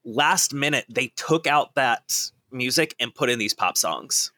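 A man co-hosting a casual podcast chat, excitable and quick to break into impressions. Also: medium pitch, no echo. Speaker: podcast co-host.

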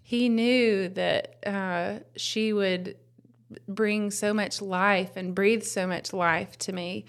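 A woman's voice: mid-range voice, steady tone, slow, vocal fry. A woman, the host's wife and a new mother, sharing her faith story in a tender, reflective way full of fillers. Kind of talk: casual personal testimony.

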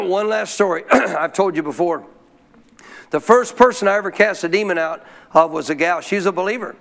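A male pastor telling a story in a sermon, folksy and animated, often clearing his throat. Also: high-pitched, moderate pace.

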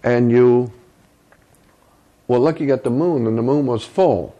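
A man's voice: mid-range voice, dark tone. An older man telling a personal story as an interview guest, earnest and stopping often to repeat himself. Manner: earnest, with halting repetitions.

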